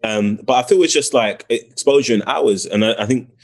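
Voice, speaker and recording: A British actor speaking as a guest in a casual interview, reflective and searching for words with many restarts. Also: male voice, medium pitch, a little fast. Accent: British English.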